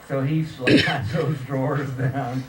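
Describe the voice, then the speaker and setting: A man's voice: mid-range voice, fairly even intonation, slow pace, a loud crowd. A man, doing a stand-up comedy routine and acting out the voices of the people in his story. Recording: distant echoey recording with loud background noise.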